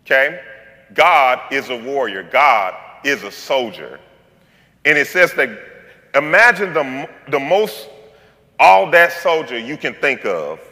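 A man's voice: medium pitch, expressive, slow pace, bright, forceful tone, long reverb tail. A male pastor preaching a sermon in a playful, conversational way, with slang and joking asides.

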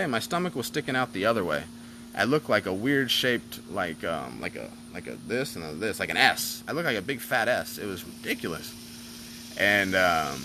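A man casually telling a personal story, animated and profane, rambling with lots of fillers. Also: lowish voice, a little hiss or hum, poor audio.

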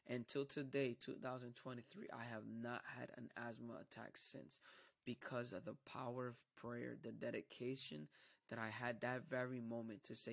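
Gravelly man giving an emphatic testimony. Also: medium pitch, little pitch movement, moderate pace, fairly bright tone. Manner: emphatic storytelling, acting out quoted dialogue. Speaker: church member giving a testimony. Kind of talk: personal testimony.

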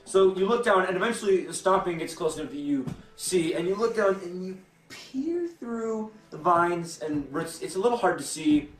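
A man's voice: high-pitched, animated, a bit bright. A young man narrating a tabletop game as game master, stumbling over restarts and fillers. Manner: halting, many restarts and fillers. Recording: echoey room with faint music.

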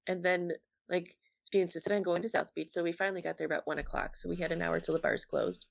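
A woman's voice: lowish voice, flat delivery, fast, gravelly. A woman in her early twenties casually telling a personal story, chatty and full of "like", acting out what people said. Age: early 20s. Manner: chatty, lots of "like", acts out quotes.

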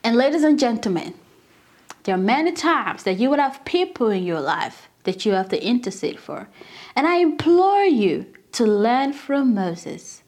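Woman preacher, casual sermon, high lively voice, chatty and direct with listeners. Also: measured pace.

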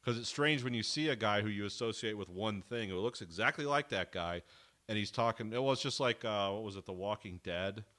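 A man's voice: fairly low pitch, a little fast, bright, forceful tone. A man co-hosting a casual chat about a TV episode, rambling and acting out characters' lines. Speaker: podcast co-host.

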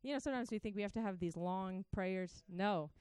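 A woman's voice: mid-range voice, fairly quick, darkish tone, clear, resonant tone, dry recording. A woman preaching a sermon, telling her own testimony with fervent, direct appeals to the listeners. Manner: impassioned, talks straight to the crowd.

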